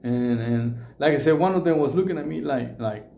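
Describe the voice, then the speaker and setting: A middle-aged man from Mexico, telling a story to camera in halting, repetitive English mixed with Spanish slang. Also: a little high, creaky, warm tone, slight background noise. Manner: halting, many repeated words and restarts. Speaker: vlogger.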